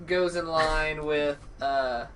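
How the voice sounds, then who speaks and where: A man's voice: fairly high pitch, steady tone, takes it slowly, a bit bright, slight background noise. A man co-hosting a casual podcast chat, thoughtful and hedging with fillers. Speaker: podcast co-host. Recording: distant from the mic.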